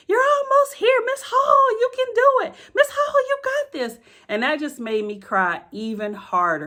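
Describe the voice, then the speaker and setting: Earnest storytelling woman, fairly low voice. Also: fairly bright tone. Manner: chatty, keeps addressing listeners directly; emotional and earnest, repeats herself for emphasis. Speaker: sixth grade teacher. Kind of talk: personal storytelling to listeners.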